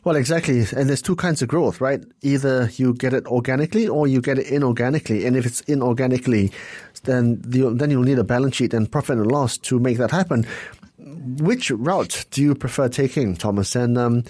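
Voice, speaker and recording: A man's voice: medium pitch, a little fast, darkish tone, no room sound. A man hosting a business interview, putting direct, pointed questions to his guest. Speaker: interviewer host.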